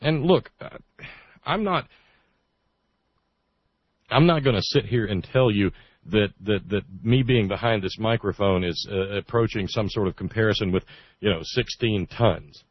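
A man's voice: lowish voice, measured pace, pauses often, dry recording, highs cut off. A man hosting a talk radio show, speaking earnestly with stumbling restarts and self-corrections. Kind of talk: talk radio monologue and call-in. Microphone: studio microphone.

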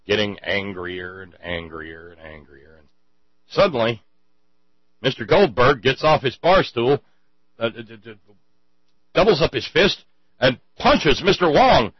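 A man's voice: mid-range voice, breathy edge, no echo. A man hosting a political commentary monologue, sarcastic and given to stammering restarts, on a dull lo-fi mic with mains hum. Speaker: show host.

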